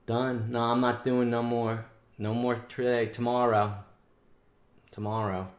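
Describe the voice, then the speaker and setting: In an echoey room, a man hosts a day trading show, chatting live on stream in blunt, casual slang as he scolds and reviews trades. His medium-pitched voice is flat and unhurried.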